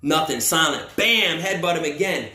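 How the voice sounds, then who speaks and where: A man from the United States telling a story in a casual, profane, animated way, acting out what people said. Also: on the high side, moderate pace. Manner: profane, animated, acts out quotes. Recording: roomy echo.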